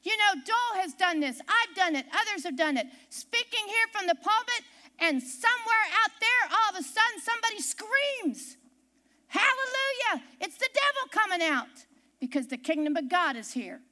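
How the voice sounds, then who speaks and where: A woman's voice: very high voice, big pitch swings, moderate pace, bright, forceful tone. A woman pastor preaching a sermon from the pulpit, telling stories with emphasis and repeating key phrases.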